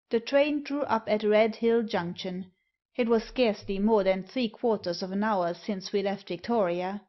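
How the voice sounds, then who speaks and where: A woman narrating a Victorian story aloud with a measured, deliberate reading. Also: mid-range voice. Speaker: audiobook narrator. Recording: dull lo-fi recording.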